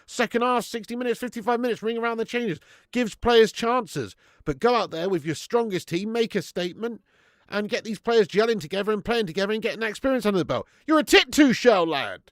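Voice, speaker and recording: Excitable football streamer, dry sound. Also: male voice, high-pitched, no echo. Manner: excitable, swearing, banter with chat. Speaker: watch-along streamer. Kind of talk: live football watch-along chat.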